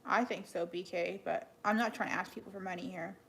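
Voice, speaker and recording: A woman's voice: fairly low pitch, steady tone, brisk, vocal fry, fairly bright tone. A young woman chatting casually on a livestream, thanking donors and joking with a dry, sarcastic edge. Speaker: live streamer. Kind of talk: casual livestream chat reading donations.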